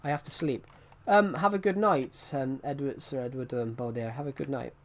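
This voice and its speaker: A man's voice: mid-range voice, normal speed. Young man, game streamer, casual rambling chat, laughs often. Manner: rambling, chatty, laughs between thoughts.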